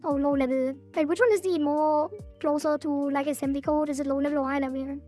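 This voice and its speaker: High-voiced woman streamer thinking aloud. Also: steady tone, fairly quick, warm tone, faint music behind. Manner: thinks aloud, hedging, frequent laughs. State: voice cracking. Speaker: game developer streamer. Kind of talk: casual live-stream chat.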